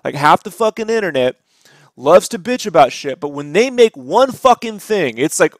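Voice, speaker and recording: High-voiced, profane, rambling man. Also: big pitch swings, dry recording, studio quality. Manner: profane, rambling, rapid asides. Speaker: artist streaming a drawing session. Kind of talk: casual rant while drawing.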